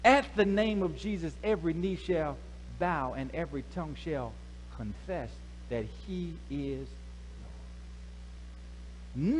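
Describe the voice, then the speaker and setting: Pastor guy preaching, fairly high voice that swings all over, big echoey hall. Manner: lively, call-and-response preaching with slang. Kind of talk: sermon. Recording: echoey hall, faint hum.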